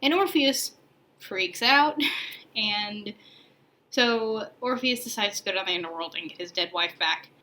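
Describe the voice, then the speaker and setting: A young woman hosts a podcast and retells an old myth in a loose, joking way. Her voice is bright and sits at a middle pitch. She talks casually and drops in slang. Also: measured pace, a little hiss or hum, rough recording. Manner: chatty, laughing, playful retelling with slang. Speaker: podcast host. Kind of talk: casual mythology storytelling.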